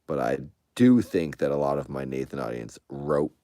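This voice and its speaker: A man's voice: a bass voice, expressive, normal speed, mellow, dry recording, studio quality. A man chatting casually to his online audience, answering their comments in a rambling, defensive way. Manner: rambling and defensive, with frequent restarts. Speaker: streamer answering viewer comments.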